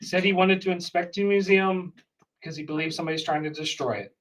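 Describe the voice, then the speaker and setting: A man's voice: high voice, fairly even intonation, a little fast, a bit bright, distant mic, poor audio. A man playing in a tabletop role-playing game, explaining things patiently step by step with a note of exasperation. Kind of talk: tabletop role-play chat.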